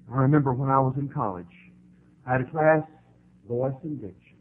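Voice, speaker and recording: A man from the American South with a Southern drawl, preaching an impassioned sermon that swells to loud climaxes and slows down for emphasis. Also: medium pitch. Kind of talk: fiery sermon. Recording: tinny narrow-band broadcast audio.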